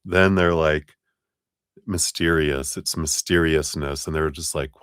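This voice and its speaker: A man's voice: a bass voice, fairly even intonation, slow, a bit bright, clean tone, dry recording, clean studio sound. A man giving a live tarot reading, chatty and laughing often, acting out little quotes as he goes. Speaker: tarot reader.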